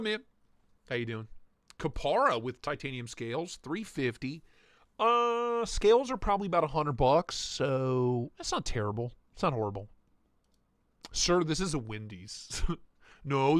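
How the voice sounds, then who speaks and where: A man hosting a casual livestream, reviewing knife listings with crude jokes and frequent laughter, his voice going a bit hoarse. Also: on the high side, big pitch swings, moderate pace, fairly bright tone, no echo, studio quality. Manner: crude joking banter, laughs often. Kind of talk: casual live-stream commentary.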